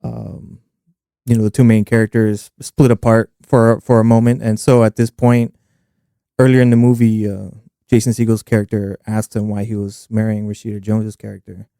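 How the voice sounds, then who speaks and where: A man co-hosting a movie podcast, calmly walking through the plot in a steady, explanatory way. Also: lowish voice, normal speed, gravelly, smooth, dry recording, studio quality. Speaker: podcast co-host. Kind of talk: casual movie discussion.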